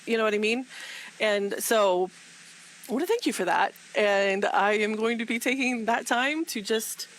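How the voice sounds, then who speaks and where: A woman's voice: a little high, moderate pace, poor audio. A woman speaking with passion in a casual group talk, repeating herself and laughing often. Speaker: guest speaker in a live fan discussion.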